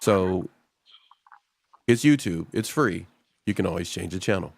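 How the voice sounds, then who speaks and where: A male talk show host with a lowish voice that has a gravelly edge. He rambles in a relaxed way and keeps turning to speak directly to his audience. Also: measured pace. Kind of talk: casual talk show discussion.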